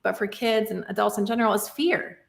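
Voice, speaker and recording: A woman's voice: mid-range voice, a little fast, gravelly. Woman, thirties, podcast guest, reflective casual chat, peppered with "like" and "right?", roomy echo. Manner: reflective, many fillers like "like" and "right?".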